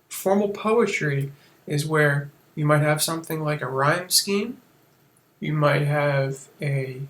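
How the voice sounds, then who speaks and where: A man's voice: a little high, a bit bright. Casual male teacher explaining poetry forms. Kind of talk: recorded classroom lesson.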